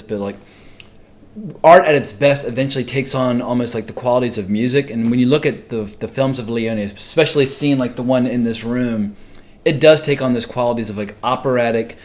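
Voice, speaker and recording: A man with a medium-pitched voice hosts a relaxed conversation about films. He talks eagerly, with plenty of "like" fillers. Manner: enthusiastic, filler-heavy. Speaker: host. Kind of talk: casual film discussion.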